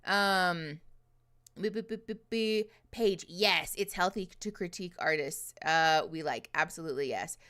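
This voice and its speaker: A woman's voice: fairly low pitch, measured pace, a bit bright, smooth. A woman hosting a livestream, chatting casually with viewers, giggling often, swearing freely and using lots of fillers, close to a desk microphone. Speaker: livestream host.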